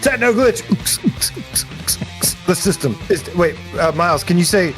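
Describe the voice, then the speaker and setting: A man with a high, bouncy voice that leaps all over the place, co-hosting a live show in loose casual chat. He is playful and excitable as he rattles off viewer shout-outs, with faint music underneath. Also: a little slow, pauses often.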